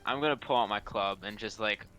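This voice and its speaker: Male player, low-ish, bright and smooth, casual game table talk. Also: a little fast, soft background music, low-quality recording.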